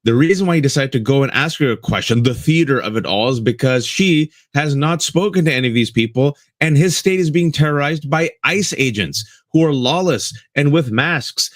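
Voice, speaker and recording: A man's voice: on the high side, expressive, normal speed, hardly any pauses, no echo, studio quality. A man co-hosting a live political talk show, giving impassioned commentary and addressing listeners as folks, repeating lines for emphasis. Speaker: co-host.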